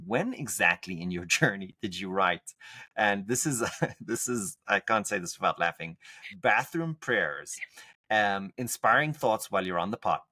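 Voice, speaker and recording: A man hosting an interview, animated and quick to laugh, often lifting his voice for emphasis. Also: low-pitched, vocal fry, no room sound. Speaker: podcast host. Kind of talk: conversational interview.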